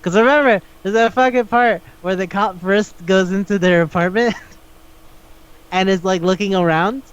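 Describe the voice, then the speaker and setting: A man's voice: sits high, normal speed, clear, resonant tone. A man co-hosting a casual podcast chat, talking animatedly, swearing often and acting out characters' lines as he retells a story. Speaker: podcast co-host. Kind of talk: casual chat recapping a manga. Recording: dull lo-fi recording.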